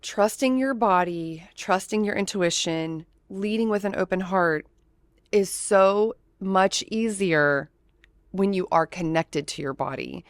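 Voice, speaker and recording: A woman hosting an interview, speaking calmly and thoughtfully with an affirming tone. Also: medium pitch, takes it slowly, no echo. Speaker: interview host. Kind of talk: conversational interview.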